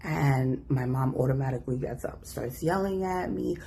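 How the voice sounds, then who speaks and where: Woman, casual storytelling, low mellow voice, animated. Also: normal speed, gravelly, few pauses, breathy edge. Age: adult. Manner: animated, acts out quoted voices.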